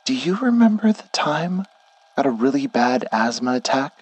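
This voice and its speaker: A man's voice: fairly low pitch, a little slow, breathy edge, no room sound, voice pushed up. A man voicing a frightened, exhausted young woman who pleads urgently and stammers in a horror story reading. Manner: urgent, shaky, stammering pleas. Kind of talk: scripted horror narration.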